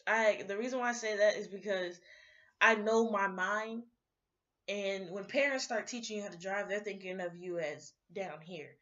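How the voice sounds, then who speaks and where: Woman, young adult, vlogger, rambling casual rant, sleepy, middle pitch, slightly muffled sound. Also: moderate pace. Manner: rambling, chatty, animated.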